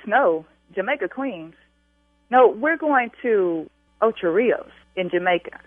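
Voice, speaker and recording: A woman's voice: mid-range voice, expressive, slow, faint music behind. A woman on a phone call, insistent and increasingly angry, demanding that a problem be fixed. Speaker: bride called by prank caller. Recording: tinny phone line.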